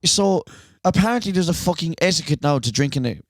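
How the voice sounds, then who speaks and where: Animated high-pitched Irish man ranting. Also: fairly quick, no echo, studio quality. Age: young adult. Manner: animated, swearing, mock-ranting. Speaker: podcast co-host. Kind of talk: casual chat.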